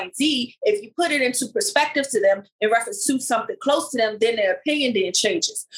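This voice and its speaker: A woman co-hosting a podcast, retelling stories in animated, slangy casual chat. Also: a little high, rough recording. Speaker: podcast co-host.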